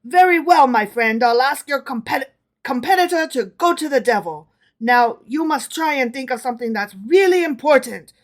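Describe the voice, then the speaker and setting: A woman's voice: sits high, expressive, normal speed, pitched above the performer's own voice. Woman doing a snooty impatient emperor guy, bossy and scornful, storytime reading. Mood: imperious. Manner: disdainful, commanding outbursts. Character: imperious impatient male French emperor, grand. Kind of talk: read-aloud folktale.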